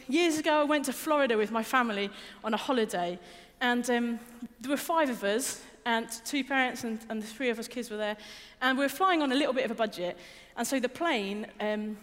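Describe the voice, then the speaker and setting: A woman from England giving a sermon in a church hall, chatty and self-deprecating, with light jokes about everyday life. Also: on the high side. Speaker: preacher.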